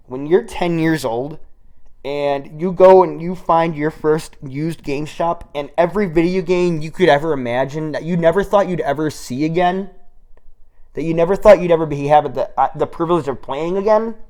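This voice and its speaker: A man in his twenties from the United States, telling a rambling, profane story in a casual monologue, recorded on an old microphone. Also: on the high side. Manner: rambling, profane, animated retelling. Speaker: solo storyteller.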